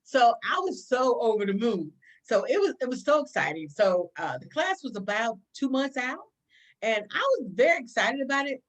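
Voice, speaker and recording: A middle-aged woman, a police chief, telling a career story in an interview, animated, acting out dialogue and often restarting sentences. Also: fairly high pitch.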